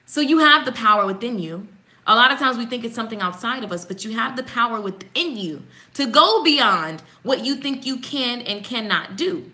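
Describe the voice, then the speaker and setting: A woman with a bright, forceful, fairly high voice gives a casual morning devotional to her viewers. She reads short passages, then breaks them down in an animated, preachy way, coaxing and encouraging as she goes. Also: normal speed. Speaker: host giving a morning devotional.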